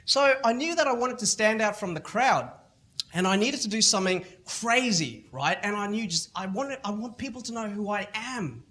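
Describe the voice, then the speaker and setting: A middle-aged man with an Australian accent gives a keynote at a school event. His voice sits somewhat high, and he tells stories with animated energy, slipping into other people's voices as he goes. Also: moderate pace. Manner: animated storytelling, acting out other people's lines. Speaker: motivational speaker. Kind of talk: keynote talk at a school festival.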